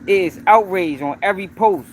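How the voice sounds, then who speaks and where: A man with a high voice runs his own news commentary livestream, speaking emphatically at a moderate pace. He repeats his points and addresses viewers directly, with slight background noise.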